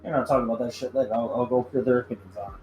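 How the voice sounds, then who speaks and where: A man hosting a casual podcast chat, excitable and profane, breaking into sudden loud outbursts. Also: medium pitch, rapid-fire, soft background music. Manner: excitable, swearing, shouts in bursts. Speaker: podcast host.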